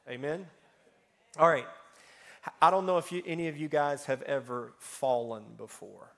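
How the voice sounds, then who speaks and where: Male pastor, fairly high voice, lively sermon storyteller, loud-to-soft swings. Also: moderate pace, vocal fry, pauses often. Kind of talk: sermon with personal stories.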